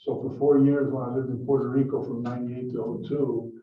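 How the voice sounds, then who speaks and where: A man's voice: mid-range voice, little pitch movement, brisk. An older man from Brazil giving a talk to an audience, telling stories in a chatty way with frequent restarts. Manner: chatty storytelling with repeated restarts. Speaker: guest speaker. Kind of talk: lecture to an audience. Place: lecture room. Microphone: microphone from some distance. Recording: roomy, distant, muffled room recording.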